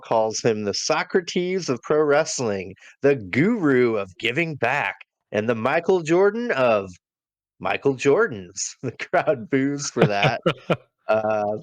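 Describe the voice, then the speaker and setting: A man's voice: medium pitch, clean tone, no echo. A man co-hosting a casual wrestling review podcast, talking in a laid-back way with many fillers as he reads from his notes. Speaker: podcast co-host.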